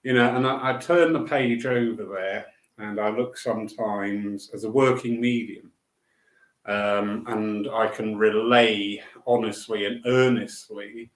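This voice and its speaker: A man's voice: on the low side, steady tone, a little slow, echoey room, poor audio. A man, a spiritualist medium, talking casually to a live online audience and greeting viewers by name as he tells a story. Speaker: spiritualist medium hosting a weekly live talk.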